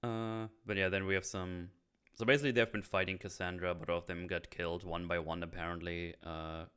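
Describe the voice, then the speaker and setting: A man hosting a casual movie review chat, rambling and trailing off into low mumbles. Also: little pitch movement, brisk, a bit bright, clear, resonant tone. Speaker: host.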